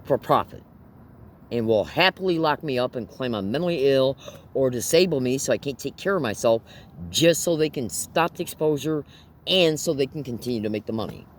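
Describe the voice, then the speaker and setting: An agitated man talks straight to the camera, pressing his points with emphatic rhetorical questions. His mid-range voice swings widely in pitch. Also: expressive, a little fast, a little hiss or hum. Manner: agitated, nervous laughter. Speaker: vlogger. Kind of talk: direct-to-camera monologue.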